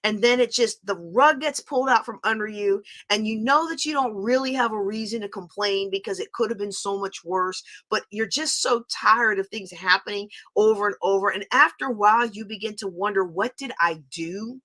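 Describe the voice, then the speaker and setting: Speaking a little fast with few pauses, this middle-aged woman host shares a personal story openly and emotionally on a casual livestream. Her voice is mid-range and a bit bright.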